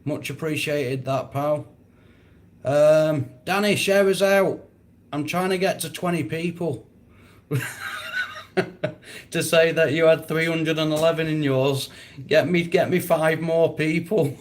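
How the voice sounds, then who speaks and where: Slow-talking laid-back man. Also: fairly high pitch, steady tone. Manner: laid-back, swears a lot, laughs often. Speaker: livestream host. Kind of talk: casual livestream chat reading comments.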